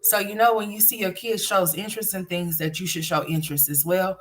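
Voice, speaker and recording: A woman's voice: fairly low pitch, fairly even intonation, a little fast. A woman hosting a casual livestream, chatting with viewers and turning to talk to her son at home. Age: adult parent. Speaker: livestream host.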